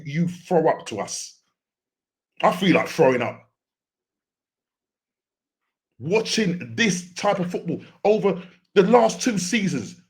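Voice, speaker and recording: A man delivers a heated post-match reaction for his fan channel. His voice sits notably high for a man, and his speech keeps circling back, repeating phrases and restarting words in exasperation. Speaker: football fan channel host.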